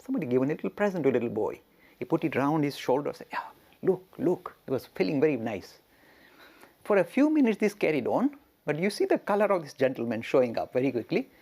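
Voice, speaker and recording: A man giving a storytelling lecture as a religious teacher, animated and chuckling, with rhetorical questions. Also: a little high, fast talker.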